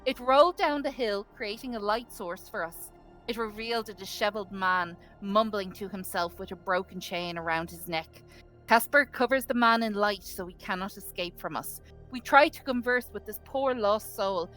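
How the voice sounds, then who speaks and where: A woman's voice: mid-range voice, moderate pace, faint music behind, rough recording. A woman reading her character's adventure journal aloud to a tabletop group. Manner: nervous at first, then steady reading.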